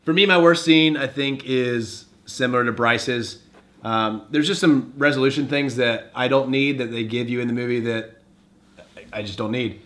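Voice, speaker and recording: A man's voice: medium pitch, normal speed, fairly bright tone. A man hosting a casual movie-review podcast, talking animatedly and acting out quoted lines as he recaps scenes. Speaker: podcast host.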